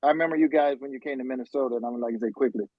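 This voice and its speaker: A man on a podcast talks at middling pitch and rambles through his point with a lot of filler words. His voice has a dull, lo-fi sound, and it is recorded dry with no room echo. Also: very fast. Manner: rambling, many fillers and restarts. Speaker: podcast co-host. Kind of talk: casual chat.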